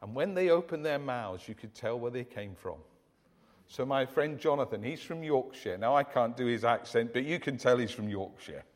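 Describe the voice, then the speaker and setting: A man's voice: medium pitch, expressive, moderate pace, in a large hall. A man from the UK preaching a sermon in an earnest, emphatic way, often restarting his phrases. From United Kingdom.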